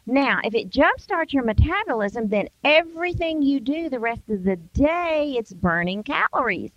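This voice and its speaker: An older American woman gives an emphatic Christian devotional talk, acting out everyday excuses in quoted voices. Her high voice swings widely in pitch at a moderate pace, and the recording sounds dull and dry with no echo.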